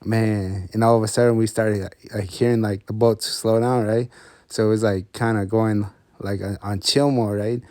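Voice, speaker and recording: A man's voice: on the low side, steady tone, normal speed, a little mellow, dry recording, clean studio sound. A man telling a casual story full of swearing and laid-back street slang.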